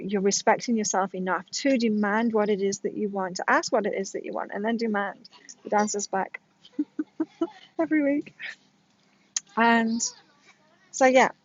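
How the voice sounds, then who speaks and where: A woman in her late forties speaks candidly to camera, telling a personal story as part of an astrology reading. Her voice sits at an ordinary middle pitch, and she keeps drawing listeners in with direct questions. The recording is slightly dull and lo-fi. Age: 40s. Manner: candid, frank, addresses viewers directly with "right?". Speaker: astrology reader.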